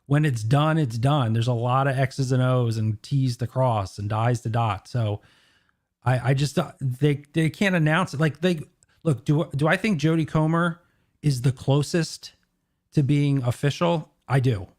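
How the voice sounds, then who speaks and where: A man on a streamed podcast giving his opinions in an even middle voice. He talks loosely, with many "like"s and restarts. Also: mid-range voice, a little slow. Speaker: co-host. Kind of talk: casual podcast chat.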